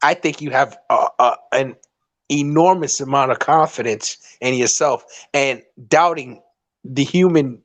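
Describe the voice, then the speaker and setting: A man's voice: medium pitch, unhurried. A man co-hosting a live chat show, asking pointed questions and pushing the others for answers. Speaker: co-host. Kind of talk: casual chat.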